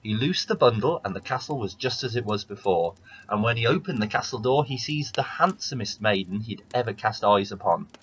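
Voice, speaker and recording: A man reading a fairy tale aloud as a storyteller, in steady, plain narration. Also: lowish voice, brisk, a little hiss or hum, poor audio.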